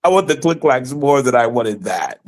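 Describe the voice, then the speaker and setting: A man's voice: mid-range voice, lively intonation, normal speed. A man from South Africa co-hosting a casual group chat, stumbling over restarts and joking. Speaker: podcast co-host.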